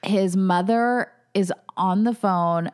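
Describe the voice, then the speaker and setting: A woman's voice: mid-range voice, slow, a little mellow, clear, resonant tone. A woman co-hosting a podcast, talking casually with many fillers. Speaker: podcast co-host. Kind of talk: casual chat.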